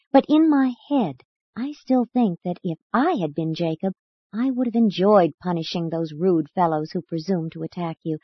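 A woman's voice: medium pitch, dry recording, lo-fi sound, natural voice. A woman voicing an earnest, eager young male student who talks in a thoughtful, frank way.

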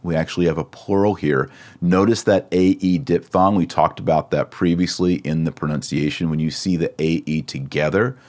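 Texan male instructor, very low bass voice, patient and methodical. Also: steady tone, normal speed, a little mellow. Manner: patient, explains step by step. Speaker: Latin teacher. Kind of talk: online lesson.

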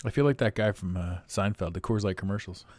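A man's voice: fast talker, dry recording. A man hosting his own podcast in a casual monologue, rambling and self-amused, often laughing. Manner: animated pitch swings. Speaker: podcast host.

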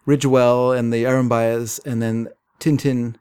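Regular guy recapping a comic for a podcast, middle pitch, relaxed. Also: a little slow, smooth. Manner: relaxed storytelling with fillers and small laughs. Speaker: podcast co-host. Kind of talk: casual chat recapping a comic.

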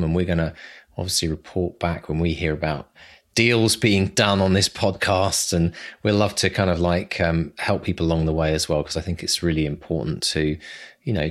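A man hosting a podcast in casual chat, jokey and upbeat. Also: deep voice. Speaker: podcast host.

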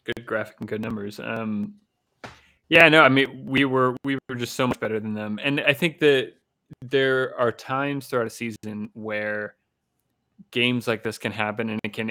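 A man co-hosting a casual sports podcast, animated and joking, often restarting his sentences. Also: lowish voice. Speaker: podcast co-host.

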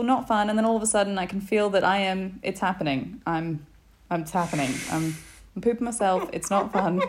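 A woman, a podcast guest telling a story in a casual, animated way, laughing often and saying "like" a lot. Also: on the high side. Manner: animated, laughing, many fillers like "like".

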